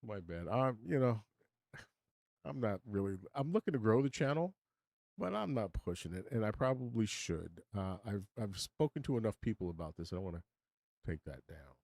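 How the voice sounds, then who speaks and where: A man's voice: on the low side, animated, normal speed, gravelly, darkish tone, no echo. A man in his sixties hosting a casual livestream from his home studio, chatting with viewers in a rambling, self-deprecating way. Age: 60s. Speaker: livestream host.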